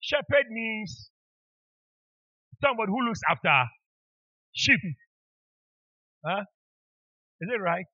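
A man's voice: high voice, expressive, takes it slowly, long pauses, sharp tone, no room sound. A man preaching as bishop at a church retreat, playfully teasing his congregation and calling on people by name. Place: church meeting hall. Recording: dull lo-fi church recording.

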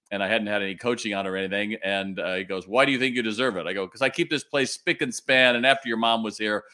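A man's voice: on the low side, fairly bright tone. A man in his sixties hosting a live webinar, chatting directly with his viewers while he tells a story. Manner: chatty, addresses the audience directly. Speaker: retail consultant hosting a webinar.

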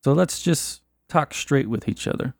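Man doing a gruff, suspicious 1920s cop. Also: a little high, measured pace, darkish tone, no room sound, studio quality, pitched above the performer's own voice. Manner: gruff, plain-spoken, dismissive. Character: blunt suspicious male 1920s Boston cop. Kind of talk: tabletop role-play in character.

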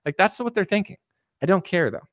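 A man's voice: sits high, lively intonation, fairly quick, a bit bright, no room sound, studio quality. Boastful, sarcastic man ranting on a stream. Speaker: livestream host. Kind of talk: casual political rant.

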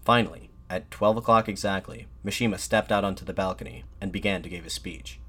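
Low-voiced man narrating history. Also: a little fast, pushed and bright. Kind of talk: scripted documentary narration.

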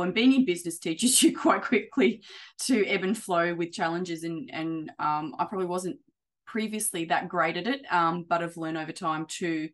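A woman chatting casually as an interview guest, acting out quoted conversations in an animated way. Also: lowish voice. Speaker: property investor client.

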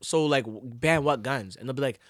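A man's voice: medium pitch, a little fast, no echo, clean studio sound. A young man in casual podcast chat, rambling with many fillers and acting out the voices he quotes.

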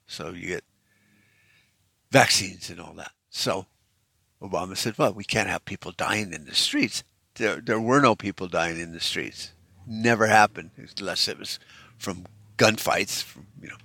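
A man's voice: sits low, measured pace, creaky, pushed and bright, breathy edge, dry recording. A middle-aged man in a casual opinion monologue, ranting bluntly and swearing freely as he talks. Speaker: vlogger.

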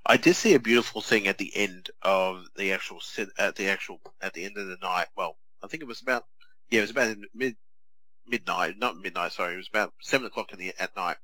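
A man, co-hosting a podcast and telling stories in a chatty, animated way full of restarts. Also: low-pitched, fast, poor audio. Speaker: podcast co-host. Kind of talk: casual chat.

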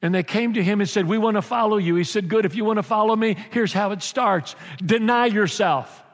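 A man preaches with animated, joking energy and slips into little acted voices. His voice sits fairly high for a man. Long reverb from a church hall trails behind him. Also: fast. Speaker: pastor. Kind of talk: sermon.

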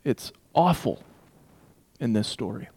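A man preaching an expository sermon, emphatic, swinging between loud declarations and hushed asides. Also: medium pitch, lively intonation, slow pace, husky.

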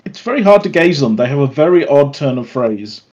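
Man calmly running a tabletop game. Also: medium pitch, a little fast, dull audio. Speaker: game master.

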